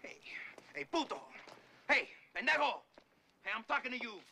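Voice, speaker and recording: A man's voice: very high voice, very animated, normal speed, vocal fry, pushed and bright, slight background noise, exaggerated voice. An actor playing a volatile, hot-headed young man who taunts and bullies a stranger, repeating threats and insults. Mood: aggressive. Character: volatile macho young man, aggressive bully. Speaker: hot-headed boyfriend picking a fight.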